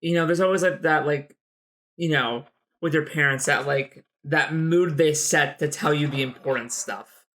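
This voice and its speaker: A man's voice: fairly high pitch, normal speed, a bit bright. A man co-hosting a podcast, chatting casually about a book with friends, rambling and acting out quotes. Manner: rambling, full of "like" and acted-out quotes. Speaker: podcast co-host. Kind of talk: casual book-club chat.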